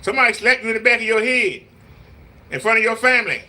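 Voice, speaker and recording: A man's voice: extremely high pitch, expressive, fast talker, sharp tone. A man, talking casually on a live stream in a preachy, repetitive, scolding way. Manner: mimics voices in quotes. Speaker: vlogger.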